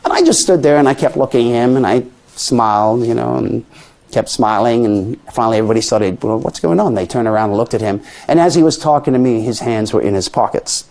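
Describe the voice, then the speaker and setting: A man's voice: mid-range voice, fairly quick, a little mellow. An older man, a mentalist, lecturing a class on stage technique and acting out little scenes as he tells stories. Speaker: mentalist teaching magic.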